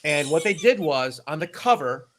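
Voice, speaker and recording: An American man, a guest in a casual chat, animated and quick to laugh and joke. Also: a little high. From United States.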